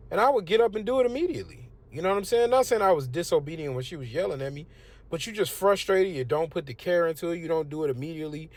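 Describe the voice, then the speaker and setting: A young man preaches street-style, casual and emphatic, constantly saying "you know what I'm saying." He talks fast in a fairly high, expressive voice.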